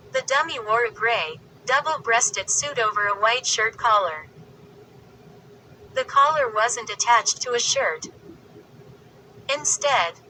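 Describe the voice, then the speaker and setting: A woman narrating a spooky story in a slow, deliberate storytelling manner. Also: a little high, pushed and bright, a little hiss or hum, poor audio. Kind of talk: audiobook narration.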